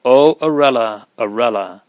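A man voicing an impetuous, loyal teenage boy who speaks warmly. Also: medium pitch, normal speed, no room sound, lo-fi sound, lightly acted. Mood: grave. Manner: impetuous, warm.

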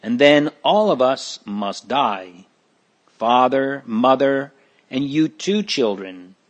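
A despairing father weighed down by a heavy burden pleads with his wife and children, his voice rising in alarm, as a man reading a storybook puts him on. He speaks slowly and heavily, with mid-range pitch. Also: animated. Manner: desperate, pleading.

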